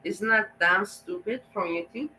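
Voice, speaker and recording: Bright-toned lady reacting on stream, blunt and laughy, slight hiss behind. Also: mid-range voice, unhurried, low-quality recording. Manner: emotional, laughing, blunt and ranting. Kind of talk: casual live-stream reaction rant.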